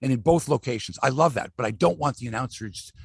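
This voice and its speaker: A middle-aged man hosts a sports talk show, swearing freely and acting out what players said. His voice is gravelly and husky, and his pitch swings a lot. The sound is close and dry. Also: fast, no echo. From Canada. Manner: animated, profane, acts out quotes from players. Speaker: sports podcast host. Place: outdoor studio by a lake.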